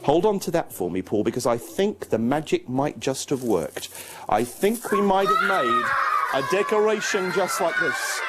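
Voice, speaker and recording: A man's voice: a little high, wildly swooping pitch, normal speed, very noisy. A man performing a children's magic show, coaxing a young volunteer with playful, mock-confused patter.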